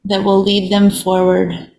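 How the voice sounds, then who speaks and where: A woman hosting a show, thanking a guest and leading a quiet guided reflection in a soft, measured way. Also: medium pitch, completely flat delivery, vocal fry, low-quality recording. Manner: soft, measured, with drawn-out pauses. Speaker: podcast host.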